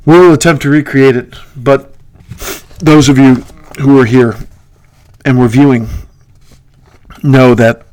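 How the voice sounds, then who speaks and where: A man's voice: mid-range voice, fairly even intonation, measured pace, darkish tone, no room sound. A man hosting a casual gaming podcast, rambling and poking fun at himself, with lots of "uh"s. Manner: rambling, self-mocking, many fillers. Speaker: podcast host.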